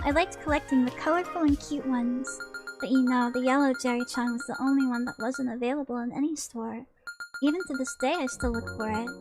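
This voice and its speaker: A woman voicing an odd, childlike young woman who is a murder suspect, talking in a soft, halting, naive way. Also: high-pitched, lightly acted. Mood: dreamy. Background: background music.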